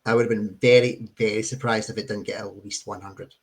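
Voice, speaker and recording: A man's voice: lowish voice, fairly even intonation, brisk, breathy edge. Rambling man chatting. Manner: rambling, many fillers and restarts. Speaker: podcast co-host. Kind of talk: casual chat.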